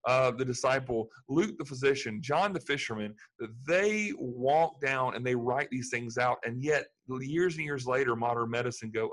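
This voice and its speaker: A man's voice: medium pitch, moderate pace, few pauses, fairly bright tone. A man preaching a sermon in an earnest manner, building to fervent emphasis. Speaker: pastor.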